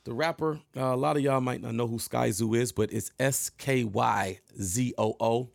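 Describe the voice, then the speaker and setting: A man in his thirties telling a casual, profane story to his viewers in an animated way, often jumping into other people's voices. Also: medium pitch, moderate pace, gravelly, dry recording, clean studio sound.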